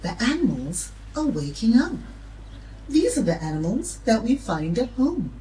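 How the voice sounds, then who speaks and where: A woman narrates for toddlers in a soft, encouraging way and speaks slowly. She sounds distant, in an echoey space. A faint hiss sits under her voice. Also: fairly high pitch, very animated. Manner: soft, encouraging, sometimes whispering. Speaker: narrator of a children's lesson. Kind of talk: gentle storytelling narration for toddlers.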